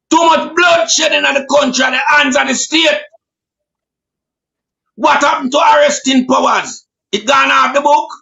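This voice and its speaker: A Jamaican man delivering an impassioned political rant, often shouting with a fiery, preacher-like cadence. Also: very high voice, gravelly, rough recording. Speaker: commentator.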